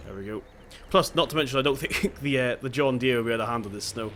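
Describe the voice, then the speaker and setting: Chatty and quick, a young Devon-accented man from England hosts a gaming channel, thinking aloud as he plays in casual commentary. His voice is medium in pitch and slightly bright, with a bit of background noise.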